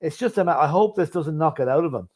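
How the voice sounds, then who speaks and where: A man's voice: a little high, animated, fast talker, a little mellow. Opinionated man who keeps saying "right?". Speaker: football podcast pundit. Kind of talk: casual fan podcast chat.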